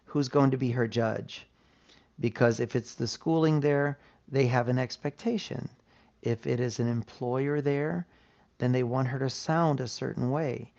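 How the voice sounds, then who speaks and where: Gravelly American man teaching English. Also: mid-range voice. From United States. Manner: explains patiently, asks rhetorical "right?". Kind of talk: live English lesson. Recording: dull lo-fi sound.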